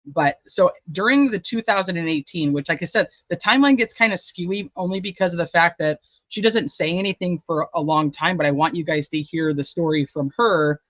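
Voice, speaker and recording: Chatty man, fairly high voice, lo-fi. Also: brisk, hardly any pauses, a bit bright, dry recording. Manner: chatty, lots of "like" and "you know". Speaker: true crime channel host. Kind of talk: casual true crime commentary. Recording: dull lo-fi dry audio.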